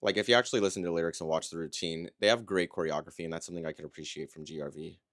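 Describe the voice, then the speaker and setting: A man giving a casual, conversational livestream breakdown of dance routines, critical but encouraging and often checking in with a quick "right?". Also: low voice, fairly even intonation, a little hiss or hum. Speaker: dance competition analyst.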